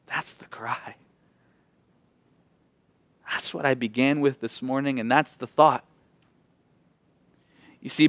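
A man preaching a sermon as pastor, expressive, moving between emphatic lines and hushed ones. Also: on the high side, no echo.

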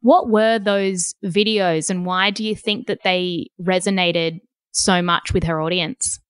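Smooth-voiced woman podcast host. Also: fairly low pitch, fairly even intonation, no echo. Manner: measured, clear questioning. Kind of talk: interview questions.

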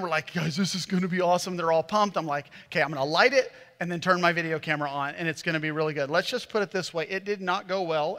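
High, bright-voiced pastor in a big hall. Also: male voice. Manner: animated, self-mocking storyteller who acts out voices. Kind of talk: sermon with comic storytelling. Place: church auditorium. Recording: long reverb of a large hall.

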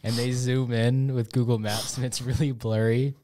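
A man's voice: medium pitch, flat delivery, moderate pace, dark tone. A man co-hosting a comedy podcast, mostly short reactions and wry asides in casual chat. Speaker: podcast co-host.

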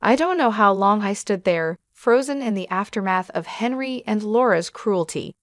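A woman reads a first-person family drama steadily and evenly, her voice mid-range and her speed normal. The recording is very dry and close-miked, with no room sound or echo.

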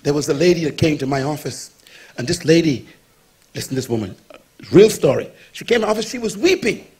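A man's voice: on the high side, lively intonation, brisk, darkish tone, breathy edge. A male pastor preaching a sermon, telling stories with humor and calling for the congregation's response.

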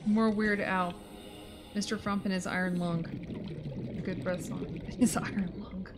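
A woman's voice: medium pitch, steady tone, unhurried, background noise. A woman co-hosting a game stream, playfully chiming in with short prompts and comments. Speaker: co-host watching and spotting. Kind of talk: casual let's-play chat.

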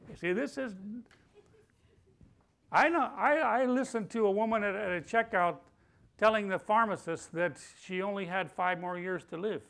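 High-voiced man preaching a sermon. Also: lively intonation, a little fast, gravelly, a faint crowd. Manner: call-and-response preaching, leading the congregation in repeated phrases; rising to loud, emphatic declarations. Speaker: pastor. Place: church hall.

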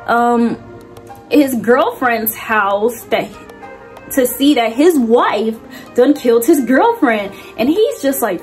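A young woman casually recapping a movie's plot, slangy and animated, with big swoops in her voice. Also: on the high side. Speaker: movie reviewer.

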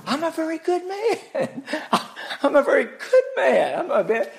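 A preacher voicing a jovial, evasive male wizard who protests in a high, chuckling voice. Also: huge pitch swings, unhurried, vocal fry, full character voice. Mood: chuckling, protesting.

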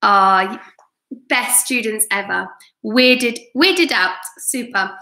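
Bright, encouraging woman teacher reading aloud. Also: fairly high pitch, takes it slowly. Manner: encouraging, praising students. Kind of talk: reading a chapter book aloud to students. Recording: roomy echo.

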